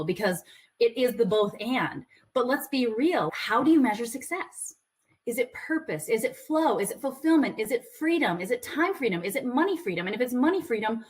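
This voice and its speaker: A woman business coach giving a conversational talk to a group, earnest with playful asides. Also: on the high side.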